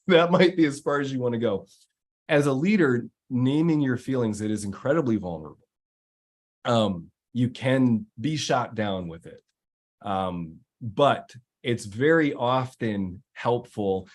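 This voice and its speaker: A man's voice: mid-range voice, animated, a little slow. An executive coach, a man, telling a story to viewers in a loose, rambling way with many fillers and restarts. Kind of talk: casual live-stream talk answering viewers.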